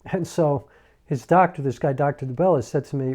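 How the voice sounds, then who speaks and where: A middle-aged man from New York telling a personal story to camera in a halting, reflective way, with many pauses and fillers. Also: a little high, darkish tone. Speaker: filmmaker and YouTuber.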